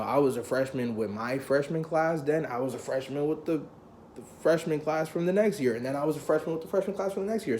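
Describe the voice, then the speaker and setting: A young man recounts his own story in a loose, conversational way, full of slang and profanity. His pitch sits in an ordinary middle range, and he breaks into animated impressions of the people he quotes. A faint hiss of ambient noise sits under his voice. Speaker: vlogger telling a personal story. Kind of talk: casual storytelling.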